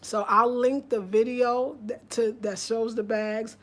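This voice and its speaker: A woman's voice: fairly high pitch, steady tone, unhurried. A woman from Albany with a New York accent, hosting a casual livestream and chatting loosely with viewers, often restarting and trailing off. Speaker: livestream host. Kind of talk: casual livestream chat reading viewer comments.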